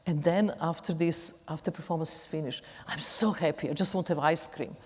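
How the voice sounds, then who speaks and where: A woman's voice: sits low, steady tone, fairly quick. A woman with a Slavic accent speaking non-native English as an onstage interview guest, often repeating and restarting phrases. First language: Serbian. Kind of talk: onstage conversation. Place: large auditorium. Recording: long hall reverb.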